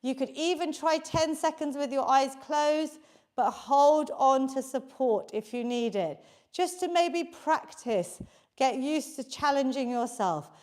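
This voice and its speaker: A high-voiced woman leads a live workout class, unhurried and encouraging as she counts reps aloud. She is out of breath from exercising along, holding a handheld mic in a basement home studio. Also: darkish tone. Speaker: fitness instructor.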